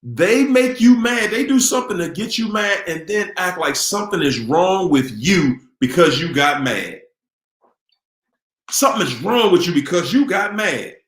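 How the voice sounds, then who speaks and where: A man's voice: high-pitched, animated, moderate pace, fairly bright tone, reverberant. A man hosting a live question-and-answer stream, talking casually and animatedly to viewers, repeating himself and asking the audience questions in a preachy way.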